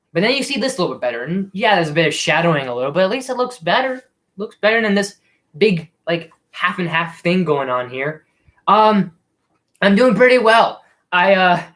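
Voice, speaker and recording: A man's voice: a little high, fairly bright tone. Rambling man hosting a live stream. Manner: rambling and self-deprecating, with frequent restarts. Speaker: YouTube host.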